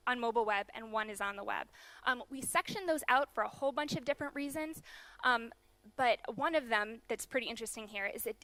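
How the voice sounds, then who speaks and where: Young American woman, keynote speaker; bright, slightly high voice, brisk and explanatory. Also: no room sound. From USA. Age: young adult. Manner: brisk explanatory delivery with fillers. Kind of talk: conference keynote presentation. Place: large conference hall.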